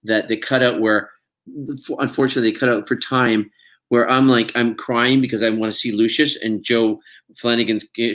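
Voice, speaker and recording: A man's voice: mid-range voice, fairly even intonation, moderate pace, fairly bright tone. A man, an actor being interviewed, chatting casually and telling stories with frequent laughs. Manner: chatty storyteller, laughs often.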